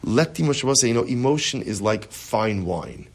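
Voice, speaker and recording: Male rabbi lecturing a class; slightly husky, lively and conversational, keeps asking "right?". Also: medium pitch, normal speed. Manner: animated, rhetorical, repeats "right?" often.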